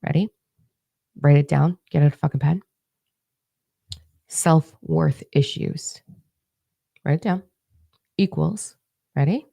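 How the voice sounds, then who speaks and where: A woman's voice: low-pitched, slow, gravelly, pauses often, dark tone. A woman spiritual coach talking straight to her live-stream viewers, blunt and emphatic, swearing heavily as she urges them on. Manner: blunt, heavy swearing, emphatic calls to action. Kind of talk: intense motivational talk to viewers.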